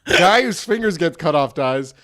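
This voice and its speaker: A man's voice: fairly high pitch, lively intonation, normal speed, bright, forceful tone. A man co-hosting a comedy podcast, telling a story in casual chat, laughing often and acting out quoted lines. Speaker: podcast co-host.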